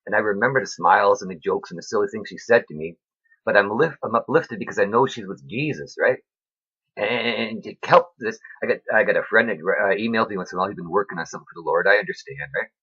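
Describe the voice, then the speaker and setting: A man with a low, husky voice and a tense, forceful edge, preaching in a rambling, emphatic way straight to his viewers. He keeps checking in with "right?" and swings between loud and hushed as emotion takes him. The sound is dull and lo-fi, like a home recording. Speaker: vlogger. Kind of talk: rambling faith talk to camera.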